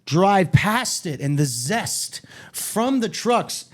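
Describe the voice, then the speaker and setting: A man co-hosting a podcast, chatting in a blunt, animated way and swearing freely. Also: high voice, slow. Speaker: podcast co-host. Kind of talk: casual chat. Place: studio.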